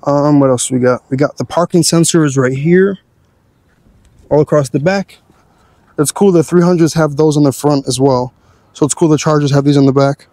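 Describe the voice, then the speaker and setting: Young man, casual car walkthrough, easygoing and slangy, fairly high voice, dry close sound. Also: normal speed, warm tone, dry recording. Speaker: car channel host. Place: at and inside his car.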